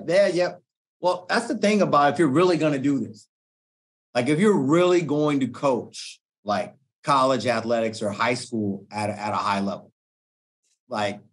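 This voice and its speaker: A middle-aged man, a guest coach, telling stories in a relaxed podcast chat, slangy and animated, often acting out what people said. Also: on the high side, normal speed. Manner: animated slangy storytelling, acts out quoted speech. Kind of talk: casual podcast conversation.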